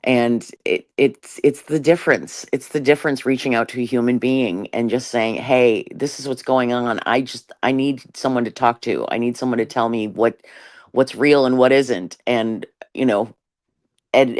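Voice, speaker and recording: A woman guest in a casual chat, talking in an emphatic, expressive way. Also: a bass voice, normal speed, no echo, clean studio sound.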